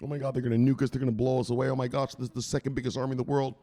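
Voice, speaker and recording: A man's voice: mid-range voice, little pitch movement, very fast, warm tone, lightly acted. A man putting on the voice of a frightened male wartime president who swears and whines in a frantic rush. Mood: panicked.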